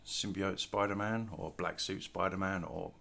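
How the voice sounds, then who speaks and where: Low gravelly-voiced man, relaxed. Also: normal speed. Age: middle-aged. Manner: relaxed, rambling, self-deprecating asides. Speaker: artist showing his work. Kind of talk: casual show-and-tell narration. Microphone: camera mic, handling artwork.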